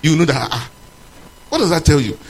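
Preacher, lively swooping delivery. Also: male voice, fairly quick, slight background noise, poor audio. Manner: animated preaching, swinging between loud emphatic questions and low, quiet passages. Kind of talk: sermon.

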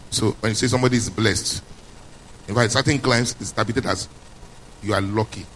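A man's voice: lowish voice, steady tone, a little fast, a bit bright, a little hiss or hum, poor audio. A man preaching a sermon who stresses his points, repeats them, and asks his listeners questions as he goes. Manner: emphatic, repeats key points, quizzes listeners. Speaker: pastor.

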